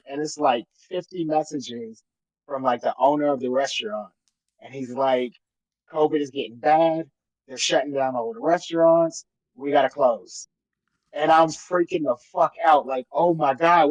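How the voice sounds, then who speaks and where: A man's voice: on the high side, normal speed, no room sound, lo-fi sound. A man co-hosting a podcast, telling a long story in a casual, profane way and acting out what people said. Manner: animated, profane storytelling with acted-out quotes. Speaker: podcast co-host.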